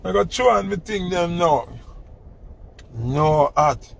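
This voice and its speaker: Slow gravelly man teasing. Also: high-pitched, animated. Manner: teasing, laughing, mock-scolding. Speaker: father telling a story. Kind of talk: casual storytelling chat.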